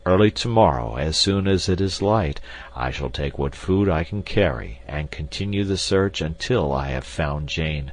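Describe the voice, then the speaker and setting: A man voicing an elderly professor who speaks slowly and heavily in an audiobook. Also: a bass voice, expressive. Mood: grieving. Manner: slow, heavy, measured. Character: elderly grieving professor, man, scholarly and resolute.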